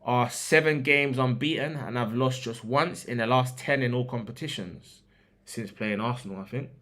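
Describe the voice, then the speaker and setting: A man's voice: medium pitch, moderate pace, a bit bright. A man hosting a football podcast, reading match previews from a script with joking asides and restarts.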